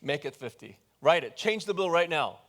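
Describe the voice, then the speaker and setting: A man's voice: fairly high pitch, very animated, fairly bright tone, pitched below the performer's own voice. A man voicing a panicky, scheming male estate manager in a Bible story retold in a sermon. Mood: commanding. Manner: frantic, fast-talking.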